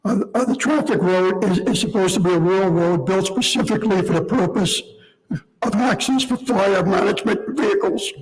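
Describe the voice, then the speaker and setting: Male resident, hoarse, higher voice, halting unscripted comment, big room echo. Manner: halting, apologetic, repeats words. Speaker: resident giving public comment. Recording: long reverb in a meeting hall.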